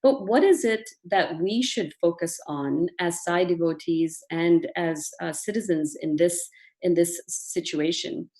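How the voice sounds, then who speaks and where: A woman's voice: fairly low pitch, measured pace, a little mellow. A woman physician speaking as guest at an online devotional program, earnest and thoughtful, with frequent fillers. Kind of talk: devotional talk.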